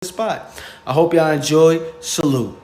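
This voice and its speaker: A man's voice: fairly high pitch, measured pace, a little mellow. A man hosting a casual commentary show, explaining in a laid-back way. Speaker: host. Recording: echoey room with faint noise.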